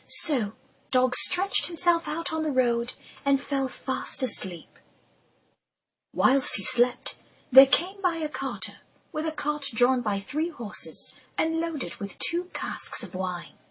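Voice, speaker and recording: Breathy high-voiced woman whispering a story. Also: expressive, slow pace, poor audio. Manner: hushed, intimate storytelling whisper. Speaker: audiobook narrator. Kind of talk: whispered narration.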